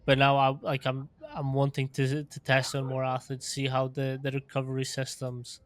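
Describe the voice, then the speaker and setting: A man who works as a strength coach, explaining his training in casual podcast talk, filling pauses with "like" and "um". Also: mid-range voice. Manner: even, filler-heavy explaining with frequent "like" and "um".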